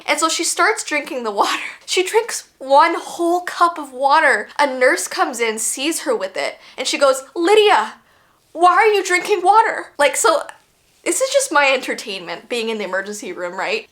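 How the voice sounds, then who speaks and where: Bright-voiced woman telling a storytime. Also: high-pitched. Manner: animated, lots of fillers. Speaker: YouTuber. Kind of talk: storytime vlog, casual chat.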